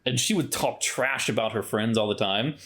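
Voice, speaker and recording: A man's voice: medium pitch, moderate pace, a bit bright. A man co-hosting a movie podcast, telling stories in a dry, wry way. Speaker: podcast co-host. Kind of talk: casual movie-discussion banter.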